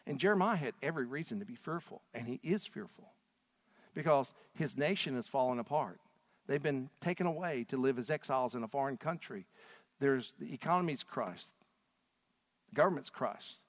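A middle-aged man preaching a sermon as pastor, animated and rising to loud, emotional peaks as he reads scripture aloud. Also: a little high. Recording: long hall reverb.

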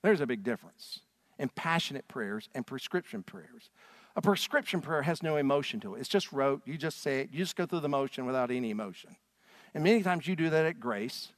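A man's voice: medium pitch, lively intonation, fairly quick, dry recording. A man preaching a sermon from a church stage, earnest and emphatic. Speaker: pastor.

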